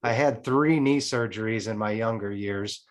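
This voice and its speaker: A man's voice: on the low side, moderate pace. Frank, swearing man telling a story. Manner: frank, swears freely, tells a story in a lively way. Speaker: podcast guest. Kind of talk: casual storytelling chat.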